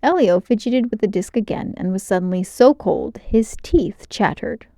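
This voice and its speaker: Lady reading a kids book out loud, expressive, close mic, dry sound. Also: medium pitch, moderate pace, dry recording. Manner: clear, expressive narration. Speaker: storyteller. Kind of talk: children's book read-aloud.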